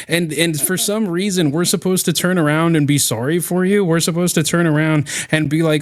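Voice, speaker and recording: A man's voice: a little high, moderate pace, hardly any pauses. A man hosting a reaction commentary, talking in a sarcastic, mocking way and swearing often. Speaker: commentary channel host.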